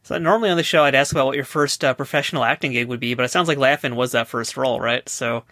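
A man hosts a casual interview, firing off curious follow-up questions at a rapid clip. His voice is bright and forward, recorded close and dry with no room sound. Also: mid-range voice, steady tone, no echo. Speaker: podcast host.

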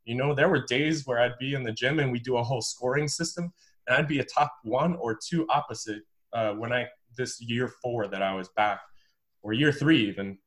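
Animated man telling a story. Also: mid-range voice, moderate pace. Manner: emphatic and animated, repeats words, says "bro". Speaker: podcast guest, former pro volleyball player. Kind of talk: casual storytelling.

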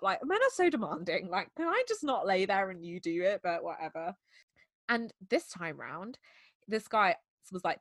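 A young woman tells a story on a podcast in a loose, giggly way. She uses lots of fillers and acts out the other people's lines. Her voice sits at a medium pitch and sounds dry and close to the mic. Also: big pitch swings, dry recording. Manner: giggly, fast, filler-heavy retelling with quoted dialogue. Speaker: podcast host telling a story. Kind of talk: casual storytelling chat.

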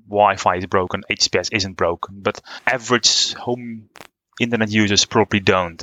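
A guest from the Netherlands speaking in a measured, matter-of-fact way. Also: sits low, bright, forceful tone, no echo, low-quality recording. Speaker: guest expert. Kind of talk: casual chat.

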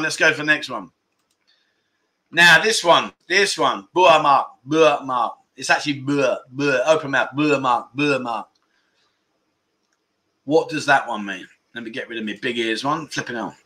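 Man, middle-aged, livestream host, jokey, laughs a lot, bright edgy voice. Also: fairly high pitch. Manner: jokey, laughs often while reading out viewer comments. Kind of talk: casual livestream chat.

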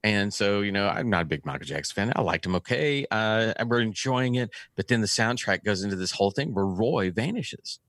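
A man's voice: lowish voice, expressive, brisk, hardly any pauses, fairly bright tone, no echo, clean studio sound. A man from Texas, co-hosting a podcast, telling stories in a laid-back, casual way. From Texas, USA. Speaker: podcast co-host. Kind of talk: casual chat, storytelling.

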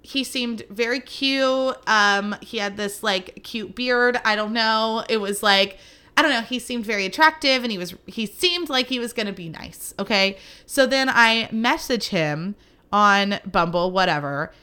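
She is a woman around thirty who hosts her own podcast and talks in a relaxed, casual way. Her voice is bright and sits slightly high. She tells animated stories, full of quick asides. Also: clear, resonant tone. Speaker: podcast host. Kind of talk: casual solo podcast chat.

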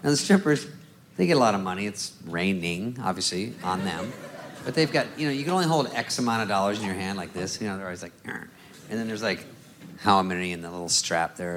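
A man doing a stand-up routine, acting out the people in his stories. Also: lowish voice. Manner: animated, acts out characters, laughing. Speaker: stand-up comedian. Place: comedy club stage. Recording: loud crowd and noise of a live club.

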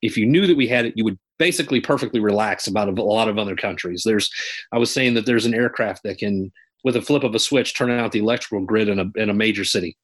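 A man's voice: fairly low pitch, fast talker. A man, a military veteran guest, telling stories in a rambling way and circling back with fillers. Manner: rambling, repeats himself with fillers. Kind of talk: casual interview storytelling.

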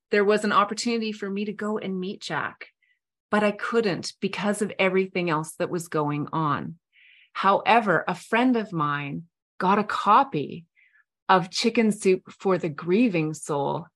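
A middle-aged woman hosting a podcast, telling a personal story in a heartfelt, earnest way with soft pauses. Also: fairly low pitch. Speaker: podcast host. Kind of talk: reflective storytelling monologue.

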